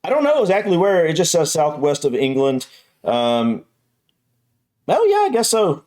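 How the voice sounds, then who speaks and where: A man's voice: a little high, wildly swooping pitch, normal speed, darkish tone. A man from the United States hosting a reaction video, talking in a casual, enthusiastic and rambling way. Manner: chatty, enthusiastic, rambling with restarts. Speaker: host.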